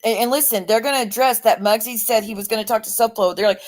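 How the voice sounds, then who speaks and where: Woman livestream host, slightly high voice, defensive and profane in a call-in dispute. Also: quick pace. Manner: defensive, swearing, rising to angry outbursts. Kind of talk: heated livestream argument.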